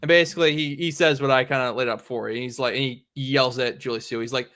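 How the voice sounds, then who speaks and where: Rambling through a comic book's plot with plenty of "like" and "um," this young podcast host talks fast with few pauses. His mid-range voice holds a steady tone and sounds a bit bright.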